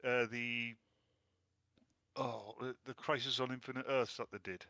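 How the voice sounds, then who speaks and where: A man's voice: medium pitch, steady tone, unhurried, bright, forceful tone, dry recording. A man in casual podcast chat, opinionated and rambling, often restarting his sentences. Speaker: podcast co-host.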